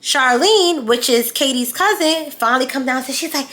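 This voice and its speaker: A woman's voice: high-pitched, moderate pace, few pauses, fairly bright tone. A woman vlogger telling a story-time tale in a blunt, profane, heated way.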